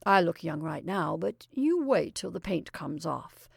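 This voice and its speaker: A woman's voice: fairly low pitch, very animated, unhurried, creaky, breathy edge, no room sound, clean studio sound, heavily acted. A woman doing a gleeful old stage actor. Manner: exuberant, rambling, confiding. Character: jolly middle-aged male stage actor, gleeful and chatty.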